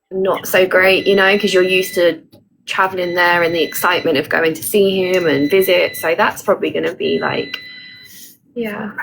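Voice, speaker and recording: A woman's voice: on the low side, vocal fry, a bit bright, slight background noise, low-quality recording. A woman, chatting on a phone livestream as a reassuring, frank and supportive friend. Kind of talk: casual chat.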